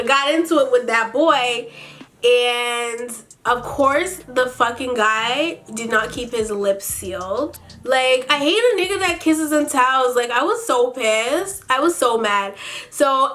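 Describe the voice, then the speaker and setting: Young woman vlogger, higher voice, blunt and sassy storyteller, swears freely, laughs often. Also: a bit bright. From Canada. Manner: laughs often, big swings in pitch. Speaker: beauty vlogger. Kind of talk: casual storytime.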